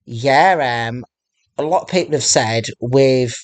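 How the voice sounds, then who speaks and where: A man in his thirties from northeast England speaks slowly in a personal video diary. His voice sits at an ordinary middle pitch, and he keeps stopping to repeat and restart his phrases as he goes. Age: 30s. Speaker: vlogger.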